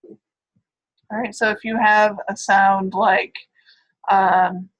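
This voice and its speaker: A woman's voice: mid-range voice, level tone, very slow, dull audio. A woman giving a recorded phonetics lecture, explaining step by step and checking in with "right?" and "all right.".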